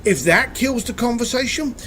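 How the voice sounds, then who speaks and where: A man being interviewed, talking bluntly and casually, telling animated stories with a swear word here and there. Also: extremely high pitch, moderate pace, faint music behind. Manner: blunt, animated storytelling with profanity. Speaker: interview guest.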